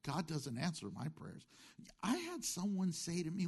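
Lively, high-voiced male pastor preaching. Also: measured pace, vocal fry, husky. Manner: animated, asks the congregation questions and answers them; jokey asides. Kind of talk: sermon.

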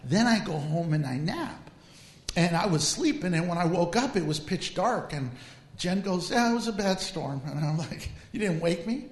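A man preaching as a pastor in a lively, humorous way, drawing out emphatic phrases. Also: sits high, normal speed, slight background noise. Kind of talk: sermon. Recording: echoey hall.

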